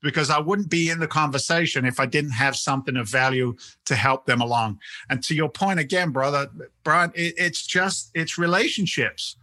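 The dry recording captures a middle-aged man from England, a real estate investment CEO appearing as a guest in a casual interview. His slightly high voice sounds pushed and bright at a moderate pace, his London accent mixed with American, and he animatedly repeats words as he restarts sentences.

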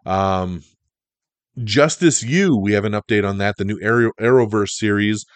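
A man's voice: lowish voice, normal speed, no room sound. A man hosting a casual entertainment news rundown, chatty and opinionated with lots of fillers. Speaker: host of an entertainment news show.

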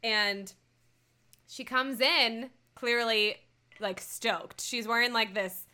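A young woman with a high, bright voice, talking casually as a co-host. She recaps an episode with animated energy, often laughing and acting out what the characters said. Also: slow. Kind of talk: casual chat.

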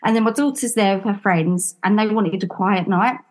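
A woman, telling her story as a podcast guest in a lively, expressive way and acting out what people said. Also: normal speed. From London. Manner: animated, acts out quotes with big pitch jumps. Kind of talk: casual interview storytelling.

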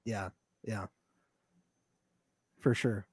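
A man's voice: lowish voice, steady tone, drawn-out words, husky, no room sound, clean studio sound. A man co-hosting a casual podcast, recapping a show with frequent laughter and acted-out quotes. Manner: laughs often, acts out quotes. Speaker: podcast co-host.

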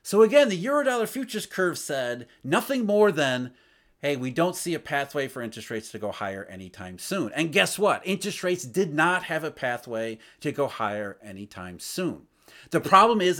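A man giving solo market commentary, emphatic, asking rhetorical questions as he explains. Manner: emphatic, rhetorical questions, lively swings in pitch and loudness. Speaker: financial commentator.

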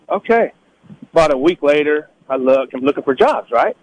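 A middle-aged man from Northern California in a casual storytelling talk, animated, acting out the people he quotes in a higher voice. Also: brisk, poor audio. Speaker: guest telling life stories.

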